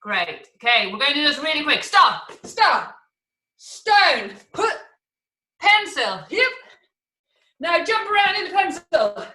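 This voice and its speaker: High bright woman coaching kids from afar. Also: big pitch swings, measured pace. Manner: encouraging, counts and calls out moves, makes animal sounds. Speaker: children's acrobatics teacher. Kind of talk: online movement class for children. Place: room at home, video class. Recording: echoey room, distant from the mic.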